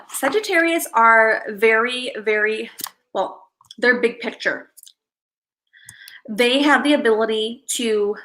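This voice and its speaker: On a roughly recorded livestream, the host, a parent, chats in a bright, forceful, slightly high voice. Her talk wanders as she starts thoughts over and calls out individual viewers by name.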